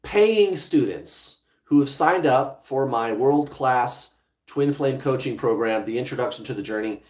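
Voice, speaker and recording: A man's voice: mid-range voice, lively intonation, a little slow. Blunt man coaching viewers in an echoey room. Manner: blunt, profane, talks straight to viewers. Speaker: twin flame coach hosting a livestream. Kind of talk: casual livestream talk.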